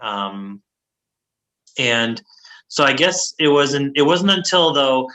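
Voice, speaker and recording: A man's voice: mid-range voice, lively intonation, slow pace, sharp tone, poor audio. A man co-hosting a casual sports history podcast, full of fillers and laughing at his own pronunciation. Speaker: podcast co-host.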